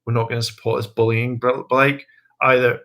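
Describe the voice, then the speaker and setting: A young man chats casually on his livestream, hesitating and restarting his sentences often. His voice sounds bright and forward at an ordinary male pitch. Now and then he leaps into a high, mocking voice to quote people. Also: level tone, brisk. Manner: hesitant, many ums and restarts, jumps into high mocking voices when quoting. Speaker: livestream host. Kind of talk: casual rambling livestream chat.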